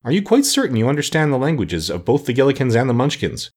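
The Scarecrow king, as a man voices him, pompous and lively. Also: mid-range voice, fast, breathy edge, voice pushed up. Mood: fussy. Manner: pompous and lecturing, then mild. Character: straw-stuffed scarecrow king, pompous yet kindly. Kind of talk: audiobook character voice.

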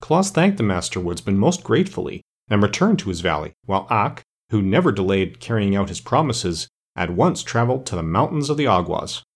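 A man with a somewhat low voice narrating an audiobook. He reads at a measured, even storytelling pace.

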